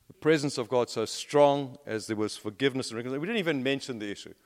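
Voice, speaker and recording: A man delivers a sermon in a church hall whose long reverb trails after his words. He tells stories and swings between emphatic, rising peaks and low, hushed drops. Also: fast. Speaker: preacher.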